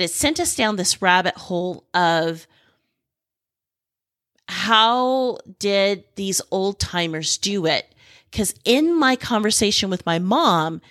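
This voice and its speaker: A middle-aged woman hosts a podcast in an unhurried, drawn-out way, recorded close and dry with no room sound. She rambles with excitement, restarting her sentences as she goes. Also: medium pitch, no room sound. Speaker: podcast host. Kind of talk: casual podcast talk.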